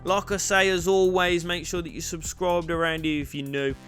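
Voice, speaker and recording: Young gaming host, high sharp voice, shouts goals and curses at the ref. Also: male voice, normal speed, soft background music. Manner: excitable, shouts at goals, swears at the referee. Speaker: gaming YouTuber. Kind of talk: commentating his own football game.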